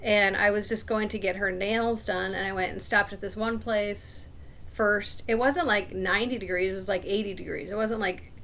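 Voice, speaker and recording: A woman with a gravelly, fry-edged voice tells a long personal story in a loose, casual way. She sounds aggrieved and suspicious, and she keeps clearing her throat between her rambling sentences. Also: mid-range voice, fairly even intonation, normal speed, a bit bright, a little hiss or hum.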